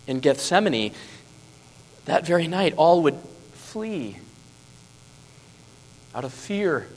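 A man preaching a sermon as pastor, emphatic and full of rhetorical questions, dropping to a hush and then rising to loud stresses. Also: a little high, sing-song, slow, long reverb tail, slight background noise, poor audio.

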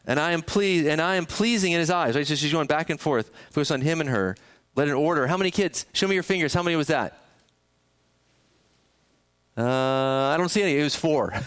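A man's voice: a little high, fairly bright tone, clear, resonant tone. A male pastor preaching a sermon in a conversational way, often putting questions to the congregation. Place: church sanctuary.

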